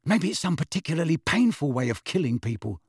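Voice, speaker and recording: A frank, jumpy teenage boy wizard, as a man puts him on for a storybook reading. The voice sits a little higher than the reader's own and swings up and down with lively feeling, close and dry. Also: brisk, husky, no room sound, full character voice.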